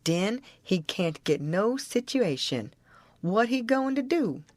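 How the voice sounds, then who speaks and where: A woman's voice: mid-range voice, sing-song, slow pace, darkish tone, no echo. A woman doing a stubborn grown runaway man, folksy and indignant. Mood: puzzled. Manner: folksy rural dialect, argumentative and indignant.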